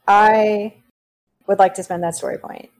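Woman player, warm mellow voice, casual questions. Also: medium pitch, fairly even intonation, unhurried. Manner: casual, questioning, many likes. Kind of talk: playing a tabletop game.

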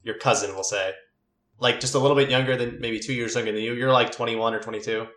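A male game master running a tabletop session in a relaxed, filler-heavy way. His voice sits at a middle pitch. The room around him is roomy and echoing. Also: quick pace. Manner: casual, filler-heavy, laughs easily. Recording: roomy echo.

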